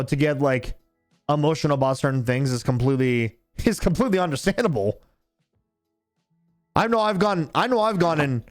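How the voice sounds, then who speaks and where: A young man streaming a game, chatting casually and rambling with heavy swearing. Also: on the high side. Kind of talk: casual chat while gaming.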